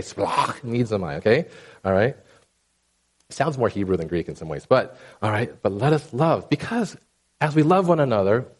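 A man preaching a sermon in a conversational, animated way, often checking in with the congregation. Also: mid-range voice. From Asian background.

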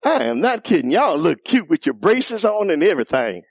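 Preacher, male, sermon style, call-and-response, playful asides then shouted peaks; gravelly voice, dry close recording. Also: high voice, big pitch swings, normal speed, dry recording. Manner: playful teasing asides with laughter. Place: church.

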